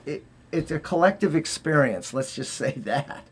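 A man's voice: on the high side, animated, normal speed. Rambling Boston-accented man telling stories. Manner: rambling, anecdotal, many fillers and restarts. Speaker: guest, former Olympic figure skater. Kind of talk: casual interview storytelling.

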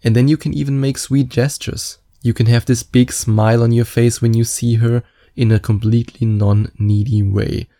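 A man's voice: medium pitch, mellow. A man speaking as a dating coach in a confident, candid and chatty advice monologue, with self-mocking asides.

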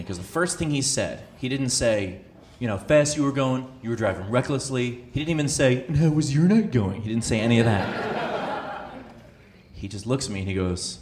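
A male stand-up comedian riffs with sarcastic disbelief into a stage mic. His voice sits at an ordinary middle pitch. The room is echoey and full of crowd noise. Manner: sarcastic, incredulous storytelling. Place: live comedy venue with audience. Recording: echoey venue with audience noise.

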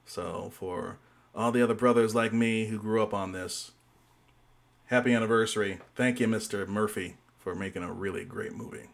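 A man's voice: fairly low pitch, steady tone, moderate pace, creaky. A man co-hosting a podcast, chatting casually in a playful, joking manner. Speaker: podcast co-host. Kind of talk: casual chat.

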